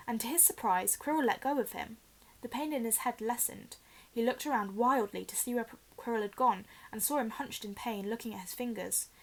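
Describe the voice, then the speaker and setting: A woman teacher reading a children's novel aloud in an expressive, dramatic way. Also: fairly high pitch, rough recording.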